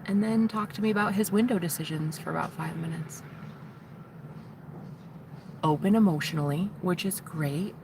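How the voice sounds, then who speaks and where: A woman's voice: fairly low pitch, moderate pace, creaky, pauses often. A young woman rambling in a casual, confessional vlog, teary and chatty, sometimes dropping to a whisper. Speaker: vlogger. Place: in a parked car. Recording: noisy with traffic behind.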